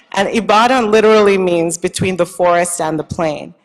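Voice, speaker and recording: A woman with a Nigerian accent gives a heartfelt acceptance speech in a large event hall, her voice sitting a little low and trailing off in a long hall reverb. She mixes faith with light self-deprecating humor. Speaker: award honoree.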